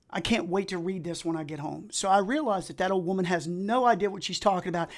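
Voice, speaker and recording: A man hosting his own livestream, chatting and telling stories in a lively, talkative way. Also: high-pitched, fast, hardly any pauses. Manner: energetic, chatty storyteller. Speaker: livestream host. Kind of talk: casual livestream chat.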